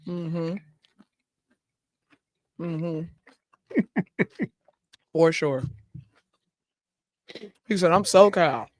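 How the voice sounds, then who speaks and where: Speaking very slowly with long pauses, this show host has a slightly high voice and no room sound. He keeps his casual talk show chatty, reading out viewer comments, laughing frequently and addressing the audience directly.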